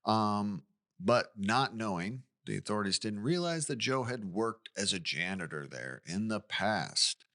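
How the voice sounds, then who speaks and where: Brief: male co-host, low bright voice, animated casual true-crime storyteller. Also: measured pace. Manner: recounts the case conversationally with asides and questions. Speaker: podcast co-host.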